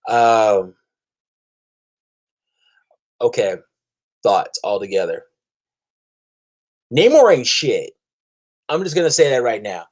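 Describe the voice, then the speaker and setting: A man hosting a casual comic book review vlog, rambling and restarting often, trash-talking with crude language and laughing at his own jokes. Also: mid-range voice. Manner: animated, profane trash talk with laughter; rambling with frequent restarts and fillers. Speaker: comic book video host.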